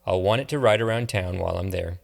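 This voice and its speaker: A man reading a sincere, soft-spoken young man from a small town. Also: low-pitched, quick pace, creaky.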